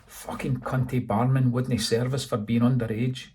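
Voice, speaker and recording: A man's voice: mid-range voice, flat delivery, darkish tone, slight background noise, close to an everyday voice. A man voicing a foul-mouthed young male DJ who is raging at the crowd. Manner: swearing, fast and heated.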